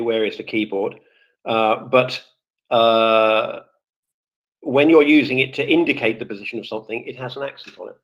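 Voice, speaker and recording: A man's voice: medium pitch, moderate pace, a bit bright. A man in a casual live audio-room chat who rambles and corrects himself, with many fillers, speaking as a former office IT worker. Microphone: computer or phone mic in a live audio room. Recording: dull lo-fi online audio-room stream.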